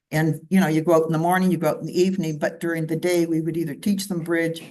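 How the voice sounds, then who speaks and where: A woman's voice: low-pitched, level tone, fast talker, few pauses, dark tone. Woman giving a chatty slide talk. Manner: conversational, with asides and side remarks. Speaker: club speaker.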